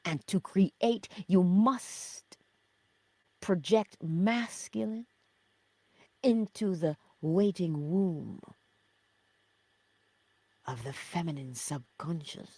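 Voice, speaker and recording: A woman's voice: on the low side, drawn-out words, pauses often, darkish tone, dry recording. A middle-aged woman hosting a spiritual teaching livestream, reading viewer chat, affectionate, laughing often and slipping into whispers.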